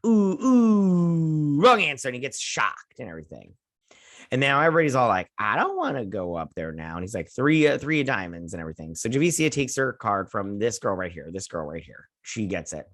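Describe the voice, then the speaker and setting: A man's voice: fairly low pitch, big pitch swings, a little fast, fairly bright tone, no room sound, studio quality. A man casually recapping and reviewing a TV episode, rambling and sarcastic, paraphrasing characters as he goes. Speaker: show reviewer.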